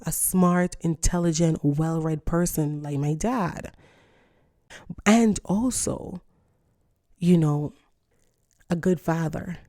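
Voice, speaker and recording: A woman's voice: deep voice, slow, long pauses, dark tone, no echo, clean studio sound. A woman in her thirties ranting to camera in a casual vlog, blunt and emphatic, with frequent swearing. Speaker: vlogger. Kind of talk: casual morning rant to camera.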